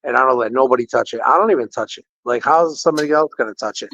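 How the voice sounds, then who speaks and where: A man casually telling an animated, indignant story about a care-facility visit, quoting the people involved. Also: medium pitch, racing, vocal fry, dry recording. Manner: animated, indignant retelling with quoted dialogue. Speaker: podcast host. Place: patient room in a care facility. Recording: dull, dry lo-fi audio.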